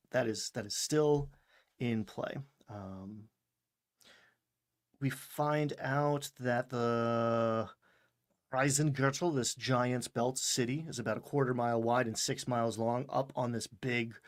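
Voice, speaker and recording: A man hosts a casual recap podcast, chatting in a loose, meandering way. He laughs often and slips into quick voices when he repeats what characters said. His voice sits at an ordinary pitch for a man. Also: fairly even intonation. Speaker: podcast host recapping a show. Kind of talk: casual chat.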